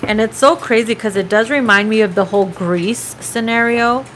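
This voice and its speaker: A woman's voice: fairly high pitch, moderate pace, a bit bright, slight background noise, rough recording. A woman giving a casual tarot reading, chatty and profane, now and then breaking into snatches of song. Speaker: tarot reader.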